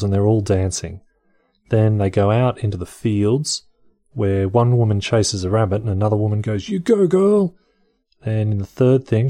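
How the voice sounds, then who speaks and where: Low, dark-voiced man reading with wry asides. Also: dry recording. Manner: dry, wry, mildly profane commentary. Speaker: host reading encyclopedia articles aloud. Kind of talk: casual reading with offhand comedic asides.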